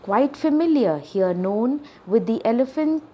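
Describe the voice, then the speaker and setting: A woman's voice: a little high, lively intonation, measured pace, breathy edge, lo-fi sound. A woman voicing an old, knowing bird in a children's storybook reading, giving advice plainly. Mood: advising.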